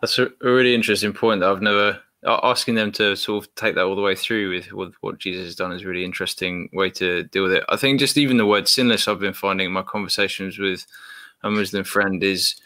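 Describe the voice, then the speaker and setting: A man's voice: low-pitched, fairly even intonation, fast talker, pushed and bright, no room sound. A man hosting a casual conversation, thoughtful and searching for his words. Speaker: host.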